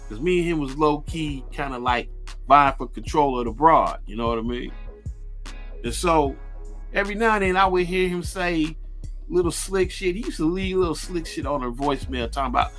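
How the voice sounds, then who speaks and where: Crude, boastful male radio host, higher voice. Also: animated, a bit bright, faint music behind. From Ohio. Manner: laid-back, crude and boastful, with halting restarts. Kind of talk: casual profane storytelling.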